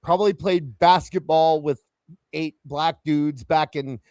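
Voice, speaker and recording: A man hosting a casual wrestling podcast, joking and animated with many fillers. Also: fairly high pitch, a little slow, no room sound, clean studio sound. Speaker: podcast host. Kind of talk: casual chat.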